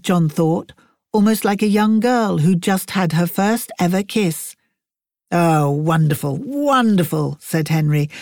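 Low-voiced woman narrating an audiobook. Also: warm tone, no room sound, studio quality. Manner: measured, wry storytelling.

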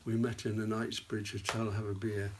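An older man, an actor, telling rambling anecdotes in an interview and dropping into hushed asides. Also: lowish voice, flat delivery, normal speed, background noise. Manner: rambling storyteller, drops to hushed whispers for asides. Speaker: actor guest.

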